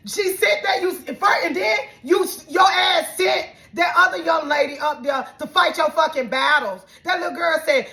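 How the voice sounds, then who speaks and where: A woman tells a heated storytime rant into her camera. Her voice sits high and has a sharp, bright edge. She curses freely and replays the whole argument line by line, playing both sides. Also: lively intonation, fairly quick, gravelly, hardly any pauses. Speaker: vlogger.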